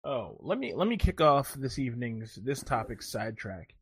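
A man's voice: medium pitch, sing-song, moderate pace, slightly rough, dry recording, studio quality. A man co-hosting a casual podcast chat, joking and rambling through a story. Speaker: podcast co-host.

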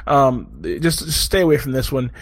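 A man's voice: medium pitch, big pitch swings, normal speed, husky, no echo, clean studio sound. A man casually griping about a bad comedy film, rambling and swearing, acting out scenes in quoted voices. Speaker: movie reviewer. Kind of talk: casual profane chat.

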